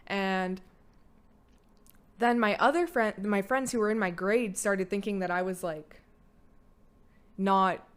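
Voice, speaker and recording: A woman's voice: medium pitch, takes it slowly, pauses often, smooth. A young woman telling her own story on a podcast, candid and casual, full of "like" fillers and blunt swearing. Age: young adult. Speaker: podcast guest, host's daughter.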